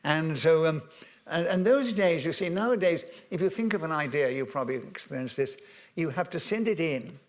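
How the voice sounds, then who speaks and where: An older man spins long anecdotes before a festival audience. His voice sits a little high for a man, and he rambles with ums, restarts and chuckles. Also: expressive, normal speed. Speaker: veteran broadcaster and guest. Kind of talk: anecdotal stage conversation.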